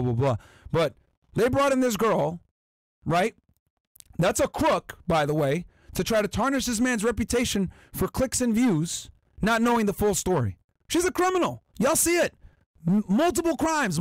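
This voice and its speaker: A man with a high voice hosts a casual podcast, reading viewer chats aloud and answering them in an emphatic, combative, profane way. The recording is dry and studio quality.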